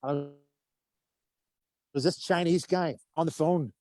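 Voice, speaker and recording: High-pitched Belfast man with a deadpan wit. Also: a little slow, no room sound. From Northern Ireland. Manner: deadpan, sarcastic humour. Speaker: tour guide. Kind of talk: anecdotal storytelling on a video call. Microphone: video call.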